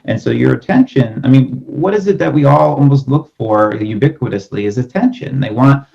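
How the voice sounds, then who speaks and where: A man speaking as a guest expert on a podcast, explaining ideas calmly and at length with many softening phrases. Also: mid-range voice, normal speed, creaky, dull audio. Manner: calm, explanatory, many "kind of" hedges. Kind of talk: podcast conversation.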